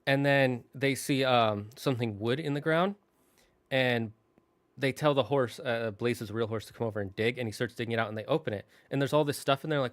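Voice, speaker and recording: A married adult man, a show host, speaks briskly in a medium-pitched voice. He casually retells a movie's plot, rambling with fillers and acting out the characters' lines, tearing up at times. The recording is dry.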